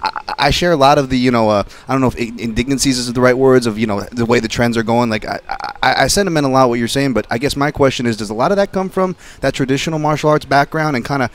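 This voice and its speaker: Fast-talking, rambling male radio host. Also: mid-range voice. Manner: rambling, searching for words. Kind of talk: radio interview questioning. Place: radio studio.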